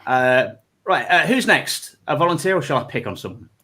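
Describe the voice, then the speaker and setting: A man's voice: a little high, sing-song, normal speed, pushed and bright. A man hosting a live online comedy panel show, teasing the panel and poking fun at himself, often repeating his words.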